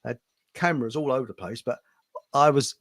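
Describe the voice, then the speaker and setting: A middle-aged man, hosting a casual livestream chat, blunt and grumbling with quick asides. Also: mid-range voice, a bit bright, no echo. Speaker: host.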